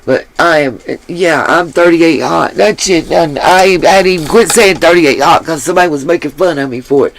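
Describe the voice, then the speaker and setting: A woman's voice: deep voice, normal speed, hardly any pauses, slight background noise. A woman hosting a commentary channel, ranting in an angry, profane and blunt way, though she apologizes for her harsh tone. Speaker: YouTube commentary host.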